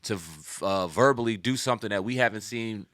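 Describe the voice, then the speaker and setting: A man's voice: fairly low pitch, brisk, a bit bright, dry recording. A man hosting a hip hop news show, commenting in a loose, slangy, conversational way. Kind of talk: casual commentary.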